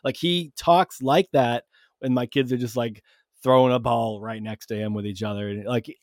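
A man's voice: medium pitch, fairly even intonation, moderate pace, dry recording, clean studio sound. A male podcast host telling a casual, rambling story with plenty of swearing and self-mocking jokes.

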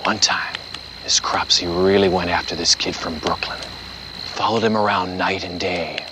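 A man voicing a gruff campfire storyteller in a put-on accent, telling a camp legend in a low, hushed manner that keeps slipping into whispers. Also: steady tone, normal speed, noisy background, natural voice. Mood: ominous. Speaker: podcast co-host.

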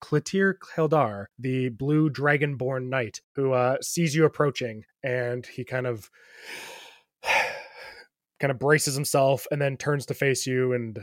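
A man narrating a tabletop game as game master, descriptive and relaxed, often laughing. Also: mid-range voice, slow pace, no echo, clean studio sound.

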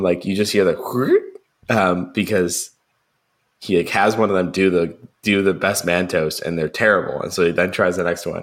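A young man with a very deep voice co-hosts a relaxed podcast chat about a film. He rambles, fills gaps with ums, and slips into acted-out quotes. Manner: rambling, lots of ums, acts out film lines in a raised voice. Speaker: podcast co-host.

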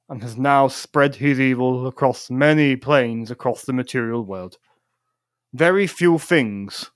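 A man voicing Santa Claus with a put-on Welsh accent, giving solemn, measured warnings. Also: mid-range voice, dry recording, natural voice.

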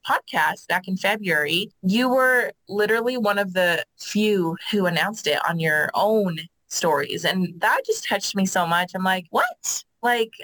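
A woman's voice: medium pitch, a little slow, hardly any pauses, a bit bright, rough recording. A woman hosting a podcast, gushing and rambling in an effusive way as she introduces her guest. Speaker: podcast host. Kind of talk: casual interview.

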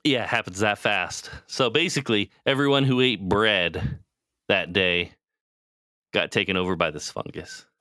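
A podcast co-host with a fairly low, sharp-toned voice talks at a normal speed, casually retelling a TV show in a rambling, profane way and acting out the characters' lines. The recording is dry, with clean studio sound.

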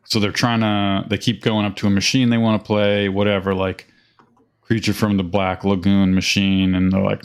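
A man's voice: on the low side, little pitch movement, normal speed, clear, resonant tone. A man casually telling a profane, rambling anecdote on a chat podcast, acting out quoted voices. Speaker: podcast host.

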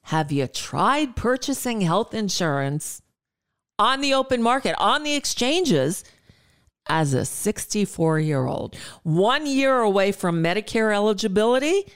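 A woman's voice: medium pitch, very animated, a little slow, clean tone. A woman in her sixties hosting a talk radio show, chatting in an exasperated, rambling way with frequent restarts and asides. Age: 60s. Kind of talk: casual monologue.

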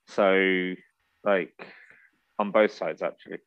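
A man playing in a tabletop role-play podcast who talks through his character's plan thoughtfully. His voice is very deep. The recording is dry and a little dull. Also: little pitch movement, a little slow, clean tone, no room sound. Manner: thoughtful, explaining. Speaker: player.

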